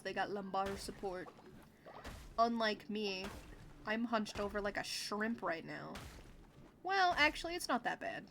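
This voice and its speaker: A woman's voice: medium pitch, big pitch swings, takes it slowly, long pauses, a bit bright, a little hiss or hum. A woman streamer giving casual gameplay commentary, chatty and giggly with sudden exclamations.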